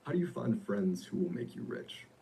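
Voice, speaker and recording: A man interviewing a guest in a casual podcast, asking quick, curious questions. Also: on the low side, sing-song, dark tone, slight background noise, low-quality recording.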